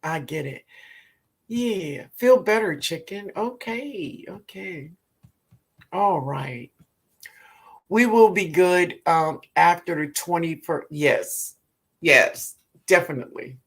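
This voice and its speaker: A woman with a New Orleans accent hosting a live gardening show, reading viewer comments aloud in a relaxed way and calling people baby. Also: on the low side, takes it slowly, pauses often, husky. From Louisiana, US. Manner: calls viewers baby, laughs often. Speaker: gardening livestream host.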